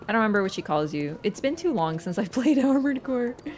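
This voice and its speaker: A young woman streamer giving chatty, excitable gameplay commentary, swearing and laughing often. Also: a little high, fast talker, a little hiss or hum.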